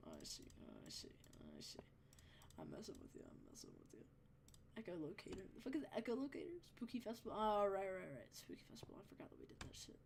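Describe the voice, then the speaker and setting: This game streamer, a young woman, talks loosely on her livestream while playing, rambling along with plenty of swearing and laughter. Her voice sits a little high, and there's faint hiss or hum.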